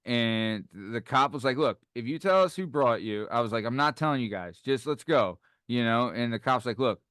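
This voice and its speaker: A man in his thirties with a smooth, resonant voice tells a story on a podcast, recorded in a dry room. He acts out the people he quotes, and his voice leaps much higher for them. Casual and lively throughout. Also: moderate pace, no room sound. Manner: animated, acts out quoted voices with big pitch jumps. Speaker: podcast host.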